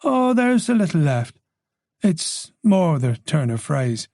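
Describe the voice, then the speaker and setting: A man's voice: fairly high pitch, very animated, takes it slowly, gravelly, a little mellow, no room sound, voice pushed up, heavily acted. A man as a modest, guarded detective. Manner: polite, dry, guarded. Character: modest, reserved middle-aged male detective.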